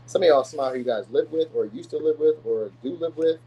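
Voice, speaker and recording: Male tarot reader, rapid-fire casual ramble, slangy, lots of fillers. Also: a little high, highs cut off, a little hiss or hum. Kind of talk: casual tarot reading to viewers.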